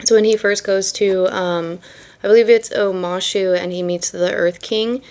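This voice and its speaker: A woman's voice: mid-range voice, steady tone, normal speed, a little mellow, a little hiss or hum. A young woman reading tarot and chatting casually, rambling and full of fillers between card meanings. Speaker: tarot reader.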